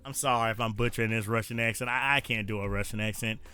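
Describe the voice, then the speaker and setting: A man's voice: on the low side, fairly even intonation, fast, pushed and bright, clear, resonant tone, soft background music. A man streaming a dating game, reading its text aloud with playful joking asides.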